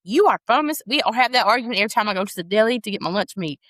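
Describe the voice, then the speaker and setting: A woman's voice: mid-range voice, very fast, fairly bright tone, no room sound. A woman from Texas with a Texan accent, a guest author in easygoing casual chat who laughs easily. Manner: laid-back, laughs easily.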